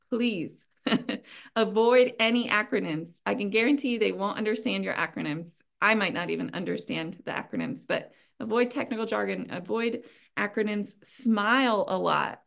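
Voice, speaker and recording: A woman leads a training session in a plain, conversational way. Her voice has a gravelly, creaky edge at a mid pitch. She sounds earnest and advising, with many ums and light laughs between points. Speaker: webinar presenter.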